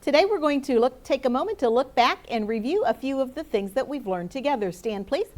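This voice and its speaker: A woman's voice: high voice, animated, a little fast, darkish tone. A woman teacher leading a grammar review with her class, patiently asking questions and calling on students by name. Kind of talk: classroom lesson to students and viewers.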